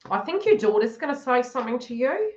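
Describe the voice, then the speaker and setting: Lively woman giving a chatty tarot reading. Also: on the high side, quick pace, highs cut off. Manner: chatty, giggly, acts out the listener's inner thoughts. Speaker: tarot reader. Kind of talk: live-stream psychic reading.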